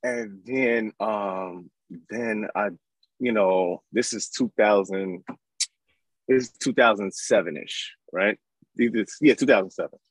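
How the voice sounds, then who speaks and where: A man in his thirties from New York, telling his life story as an interview guest in an animated, casual way. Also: lowish voice, slow pace, no room sound, rough recording. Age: 30s. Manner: animated, acts out voices in his stories.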